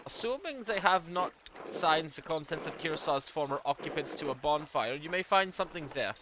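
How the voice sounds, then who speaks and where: A man's voice: fairly high pitch, animated, normal speed, noisy background, close to an everyday voice. A man voicing a stern, devout male churchman with a put-on German accent, reading a formal letter. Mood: solemn.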